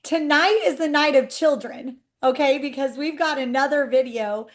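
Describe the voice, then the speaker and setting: A woman hosting a testimony session, chatty and excited, speaking straight to her audience. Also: sits high, moderate pace. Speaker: host of a testimony call. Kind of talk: casual hosting on a video call.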